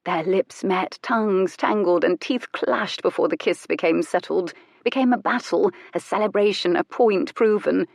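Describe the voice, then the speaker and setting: A woman narrating an audiobook in an intimate, measured storytelling manner. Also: mid-range voice, creaky, a little mellow, no room sound, clean studio sound. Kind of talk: scripted narration.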